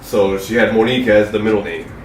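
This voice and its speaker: A man's voice: lowish voice, a little fast. Man rambling in an echoey room. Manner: loose, rambling, many fillers. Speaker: podcast co-host. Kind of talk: casual movie review chat. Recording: echoey room, distant mic, faint noise.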